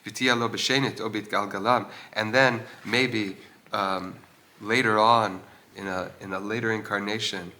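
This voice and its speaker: His voice is fairly low and steady, pushed and bright, as he teaches a religious text in an old stone synagogue. The Torah teacher reads Hebrew lines, translates them, and keeps asking the text questions, with fillers in his pauses as he explains.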